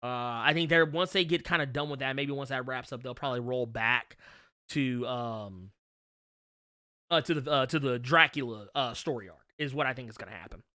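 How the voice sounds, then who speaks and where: A man hosting a comics livestream, chatting casually through viewer questions, joking and bursting into loud laughter. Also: mid-range voice, a little fast, no echo, studio quality.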